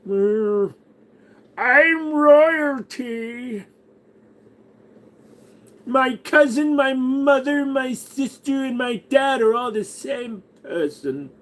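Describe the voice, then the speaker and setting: A man voicing a boastful, dim-witted inbred male royal in a high, drawn-out, shouted delivery. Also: exaggerated voice. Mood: pompous.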